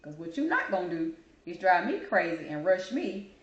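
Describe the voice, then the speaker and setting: A woman's voice: fairly low pitch, normal speed, highs cut off. Sassy woman ranting in an echoey room. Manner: sassy, animated, calls listener "baby". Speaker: host. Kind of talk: casual opinion monologue.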